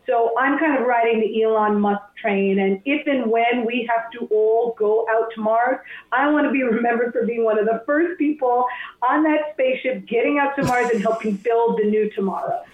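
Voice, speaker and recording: A woman's voice: fairly high pitch, moderate pace. A woman speaking as a guest on a radio show, upbeat and reflective. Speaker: guest caller. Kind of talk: radio interview. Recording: echoey tinny phone line.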